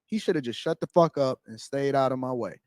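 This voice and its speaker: A man's voice: medium pitch, a little fast, a little mellow, no room sound. A man in a played clip from another stream, lecturing his viewers in a preachy, scolding way. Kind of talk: lecturing commentary.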